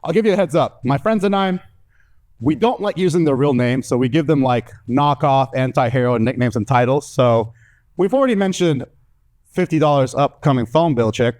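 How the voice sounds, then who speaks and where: A young man from the American South with a Southern accent, doing a stand-up comedy set before a live audience with lively storytelling. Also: mid-range voice, normal speed. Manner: animated, lively storytelling with acted-out voices.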